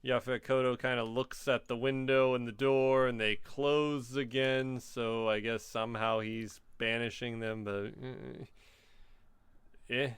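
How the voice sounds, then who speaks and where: Smooth-voiced man with wry remarks. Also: mid-range voice, flat delivery, a little slow, a bit bright, no room sound. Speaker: podcast co-host. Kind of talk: casual chat.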